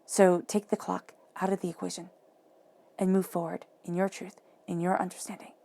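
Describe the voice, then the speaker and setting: A woman giving a monthly tarot reading, talking softly and reflectively and repeating phrases for emphasis. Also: fairly low pitch, little pitch movement, normal speed, vocal fry. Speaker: tarot reader.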